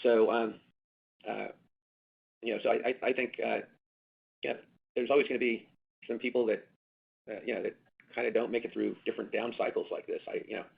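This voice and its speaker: A man's voice: medium pitch, flat delivery, fairly quick, gravelly, long pauses, breathy edge. A man, a company executive, answering analysts on an earnings call, rambling with many fillers and restarts and hammering points through repetition. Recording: tinny phone line.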